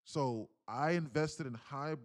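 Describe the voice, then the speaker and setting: A man hosting a live trading stream, talking casually in a lively, slangy and profane way with many restarts. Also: on the high side, slow pace.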